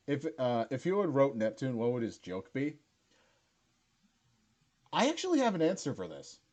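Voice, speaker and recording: Chatty young man with a lively voice. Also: mid-range voice. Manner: chatty, stammers and restarts, laughs easily. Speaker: creator rewatching his own series. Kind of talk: casual rewatch commentary.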